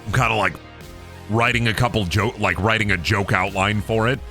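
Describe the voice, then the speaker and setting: A man's voice: fairly low pitch, steady tone, moderate pace, pushed and bright, soft background music. A man chatting casually on a gaming stream, rambling and joking at his own expense. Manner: self-deprecating, rambling, jokey.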